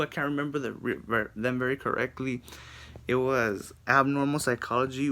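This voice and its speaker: A young man, a psychology student, giving a casual video response, ranting with frustration and filling his talk with "like". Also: medium pitch. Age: young adult. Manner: animated, frustrated ranting with lots of "like".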